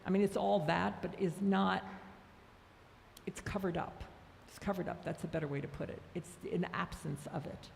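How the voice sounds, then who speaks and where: A woman's voice: on the low side, normal speed, vocal fry, a little mellow. A woman serving as minister, talking conversationally to her congregation and laughing easily during a Sunday service. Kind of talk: casual talk at a Sunday service. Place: church sanctuary with a congregation. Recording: reverberant hall, faint crowd and noise.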